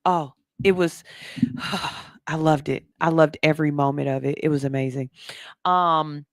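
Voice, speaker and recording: A woman hosting a radio stream tells a story with lively, animated energy. Her voice has a gravelly edge. The sound is close and dry. She talks right to her audience the whole time. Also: deep voice, measured pace, no room sound. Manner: slips into soft, hushed voices when quoting people. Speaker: radio show host. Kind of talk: casual livestream storytelling.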